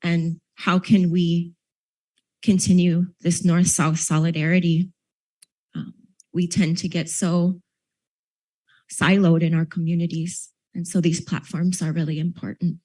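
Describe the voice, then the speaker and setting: A woman's voice: on the low side, level tone, measured pace, mellow, low-quality recording. A woman from Minnesota speaking earnestly on a panel at a university event, a little choked up. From Minnesota, United States. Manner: earnest, emotional, slightly choked up. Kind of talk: public panel talk.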